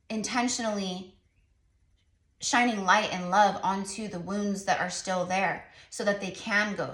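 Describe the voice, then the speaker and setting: A woman's voice: mid-range voice, a bit bright. A woman giving a spiritual tarot reading to her viewers in an earnest, chatty, encouraging way, repeating her points. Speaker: tarot reader and psychic medium. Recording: echoey room, voice off-mic.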